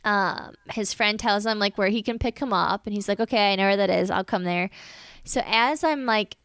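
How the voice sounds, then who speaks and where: A woman telling a personal story in a casual chat, animated and acting out what other people said. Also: mid-range voice, normal speed, clean tone, no echo. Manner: animated, acts out the quoted voices of others.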